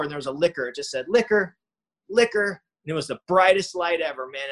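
A man with a slightly high voice tells his own recovery story in a relaxed, conversational testimony, often throwing in "man" and "you know." The audio quality is poor.

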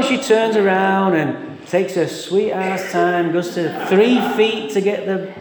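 A man's voice: sits high, unhurried, hardly any pauses, a loud crowd. A man candidly telling his own recovery story to an audience, acting out his past thoughts with self-mocking humor. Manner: candid, animated storytelling with self-mockery and acted-out inner voices. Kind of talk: personal story told to an audience. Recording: echoey hall.

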